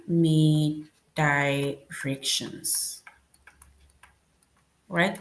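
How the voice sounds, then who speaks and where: A woman teacher, giving a slow, patient grade-school lesson and often checking in with her class. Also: lowish voice.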